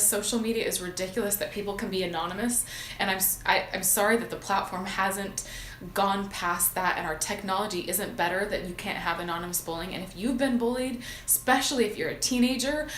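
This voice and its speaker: A woman's voice: mid-range voice, a little hiss or hum. Earnest woman in a roomy space. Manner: earnest, emotional, many fillers. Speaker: podcast host. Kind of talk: heartfelt motivational talk.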